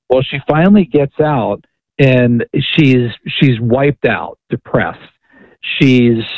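A man's voice: medium pitch, no room sound. A man, a guest author, telling a story on a radio interview, often repeating and restarting words. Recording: tinny phone line.

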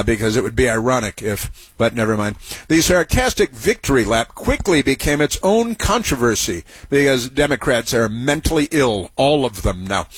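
Sarcastic talk radio host, husky and dry. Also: male voice, medium pitch, dry recording. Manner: sarcastic, mocking, halting with many fillers.

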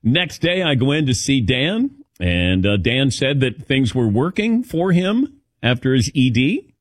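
A middle-aged male radio host tells casual, animated anecdotes and imitates the voices of the people he quotes. His mid-range voice moves at a measured pace, recorded dry in studio quality.

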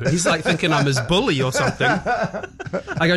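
Nz guy, animated storyteller, voice bounces up and down, laughs a lot. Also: fairly high pitch, fairly quick, crowd noise. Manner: animated storyteller, acts out quotes, laughs often. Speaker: actor and writer guest. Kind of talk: casual chat. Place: radio studio.

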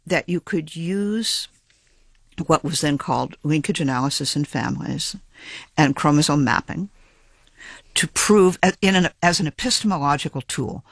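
A geneticist in an interview, a man explaining his research with measured, precise academic phrasing and the odd small restart. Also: fairly high pitch, a bit bright, dry recording.

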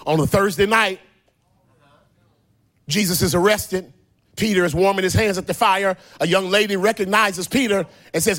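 Preaching a sermon, a man retells the story dramatically, his high-sitting voice swinging from quiet asides to shouted, sung lines. He keeps a moderate pace and leaves long pauses.

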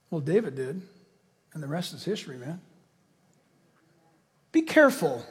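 A male pastor preaching a sermon with animated storytelling, acting out voices along the way. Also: sits high, moderate pace, pauses often, slightly rough. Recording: long reverb of a large hall.

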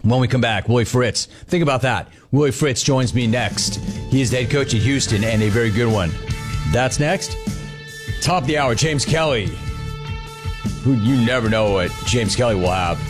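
A middle-aged man hosting a sports radio show, telling stories in a casual, animated monologue. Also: medium pitch, normal speed, music in the background. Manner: animated storytelling, mimics others in dialogue.

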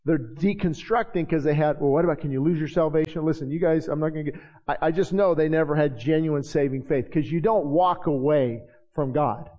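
High-pitched guy preaching hard, repeats himself, dull muffled audio. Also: a little fast, darkish tone, in a large hall. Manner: fervent preaching with repeated phrases. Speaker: pastor. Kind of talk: sermon. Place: church sanctuary.

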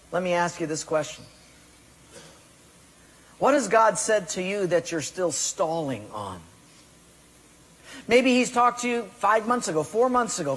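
A man's voice: sits high, breathy edge. A man preaching a sermon, putting direct questions to his congregation. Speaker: pastor. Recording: echoey hall with long reverb.

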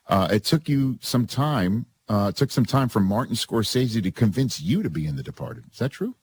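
A man's voice: fairly low pitch, very animated, moderate pace, darkish tone, a little hiss or hum. A man hosting a casual interview, eager and chiming in with short reactions. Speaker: interview host.

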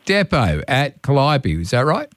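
With huge pitch swings in a mid-range voice, an Australian breakfast radio host keeps up chatty, jokey banter with a caller at a measured pace. The studio microphone recording has no echo.

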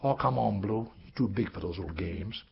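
A husky-voiced man voicing a busy mother who brushes off her child while she does the washing, on a dull lo-fi recording. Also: on the low side, fairly quick, heavily acted. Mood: impatient. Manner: brushing off, impatient.

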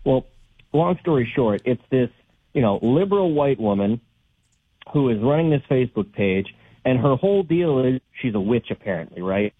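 A man's voice: medium pitch, expressive, normal speed, no echo. Male call-in listener, indignant and rambling; dry, phone-like sound. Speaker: caller. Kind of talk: call-in radio chat. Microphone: telephone. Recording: tinny phone line, husky.

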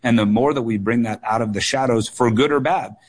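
An American man running for state office answers radio interview questions in a mid-range voice, talking a little fast. He's earnest, leaning on lots of fillers and repeating or doubling his words.

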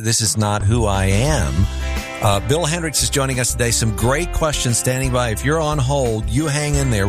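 Radio host guy chatting to listeners, music clearly playing under him. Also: on the low side. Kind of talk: radio call-in hosting.

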